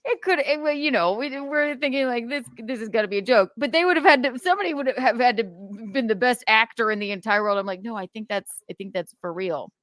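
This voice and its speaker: A woman's voice: a little high, fast talker, hardly any pauses, a bit bright, no echo. A woman on a podcast, casually telling a story with laughter and quoted dialogue.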